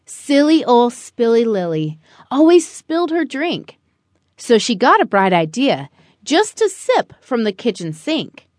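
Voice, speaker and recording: A woman narrating a rhyming children's picture book in a slow, expressive storytelling manner. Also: on the high side, dry recording, studio quality. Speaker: audiobook narrator.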